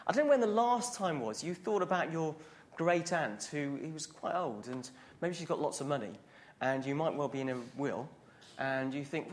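A man's voice: on the high side, lively intonation, moderate pace, slight background noise. A man preaching a sermon to a congregation in a questioning, conversational way.

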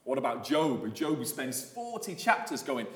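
Man, sermon, chatty preaching, lots of restarts, roomy echo, medium pitch. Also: moderate pace. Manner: animated, conversational with frequent fillers and restarts. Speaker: visiting preacher.

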